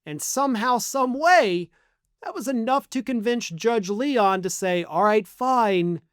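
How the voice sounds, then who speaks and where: A man's voice: very high voice, expressive, unhurried, dry recording, studio quality. A man hosting online political commentary in a sarcastic, mocking manner. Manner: sarcastic, mocking, acts out quotes.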